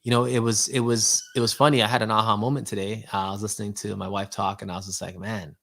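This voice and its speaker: A man hosting an animated, casual motivational talk, full of rhetorical questions and quick laughs. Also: lowish voice, creaky. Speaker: host.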